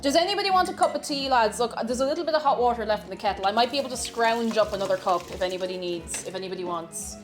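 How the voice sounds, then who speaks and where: A woman hosting a live baking stream from her home kitchen, chatty and excitable, laughing often as she greets viewers. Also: a little high, very fast, hardly any pauses, music in the background. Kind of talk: casual live-stream chat.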